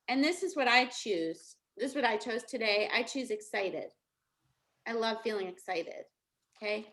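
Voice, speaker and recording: Bright-voiced chatty New woman. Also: a little high. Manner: chatty, laughing storytelling. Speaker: motivational coach. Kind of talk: casual motivational talk.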